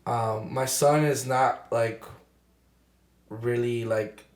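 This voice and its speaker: A young man talking in casual chat as a podcast co-host, halting and full of fillers and restarts. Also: medium pitch, steady tone, roomy sound.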